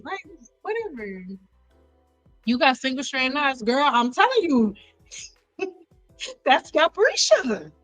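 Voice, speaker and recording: A woman hosting a hair care live stream, joking around in a playful, animated way and repeating lines for effect. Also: fairly high pitch, moderate pace, faint music behind, low-quality recording.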